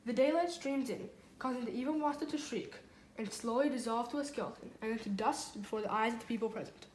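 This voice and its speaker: A woman's voice: on the high side, fast talker, a little hiss or hum. Woman reading a story from across an echoey room. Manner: lively, switching voices for characters. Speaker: reader. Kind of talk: reading a comic short story aloud. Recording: echoey room, far from the mic.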